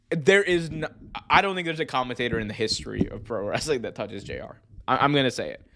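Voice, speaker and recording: A man hosting a wrestling podcast, chatting casually and excitedly, laughing often. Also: medium pitch. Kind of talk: casual chat.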